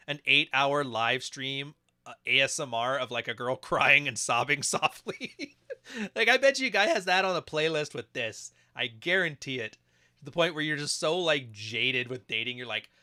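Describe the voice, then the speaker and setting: A man's voice: medium pitch, normal speed, pushed and bright. A man hosting a podcast, giving crude, joking commentary on video clips and laughing often. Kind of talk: casual reaction commentary.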